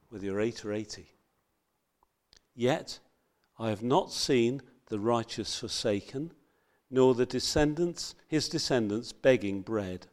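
A man preaching a sermon, earnest and reading scripture with loud emphasis. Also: medium pitch, a little slow.

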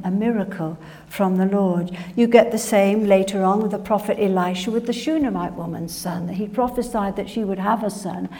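A woman's voice: mid-range voice, moderate pace, darkish tone. A woman preaching a sermon in an earnest manner, now and then dropping her voice to a whisper for emphasis. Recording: reverberant hall.

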